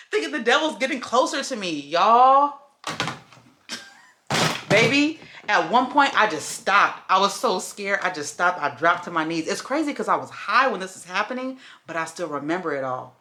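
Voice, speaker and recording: A woman's voice: medium pitch, sing-song, normal speed, bright, forceful tone. A woman, telling a story to viewers in a casual vlog. She acts out the voices of the people in it and calls her viewers y'all and baby. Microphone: camera while doing makeup.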